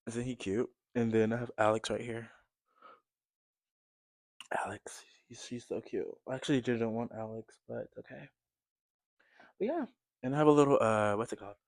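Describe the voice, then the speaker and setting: A young man in his twenties from the United States with a low, deep voice, talking casually to camera from his bedroom. His rambling, chatty delivery turns upbeat as he shows things around him. The sound is close and dry, with no room echo. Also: steady tone, normal speed, pauses often, a little mellow. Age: 20s. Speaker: vlogger.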